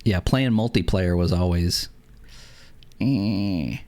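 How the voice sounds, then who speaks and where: A middle-aged man hosts a casual gaming podcast, chatty and upbeat, drifting loosely from one thought to the next. His voice is on the low side and darkish, animated, at normal speed.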